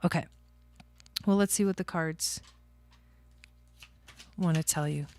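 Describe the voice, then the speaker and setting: A woman's voice: low-pitched, takes it slowly, darkish tone, slight background noise. A woman doing casual livestream astrology and tarot readings, chatty, laughing often and talking to her viewers by name.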